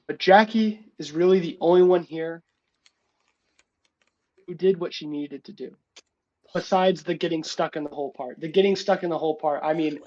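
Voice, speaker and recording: A man's voice: a little high, a little mellow, dull audio, natural voice. A man playing a stern female commander who lectures a team of heroes. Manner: lecturing, exasperated. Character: stern woman commander scolding a hero team.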